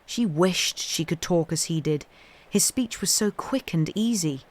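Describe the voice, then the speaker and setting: A woman's voice: lowish voice, lively intonation, measured pace. Woman reading a classic novel aloud. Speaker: reader.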